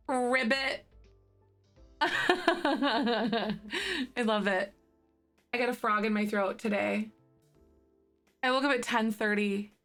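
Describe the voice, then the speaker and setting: A woman in her thirties chatting with live viewers in a bubbly, rambling, giggly way. Her voice is slightly hoarse from morning throat. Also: a little high, a bit bright. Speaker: livestreamer. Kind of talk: casual chat with live viewers.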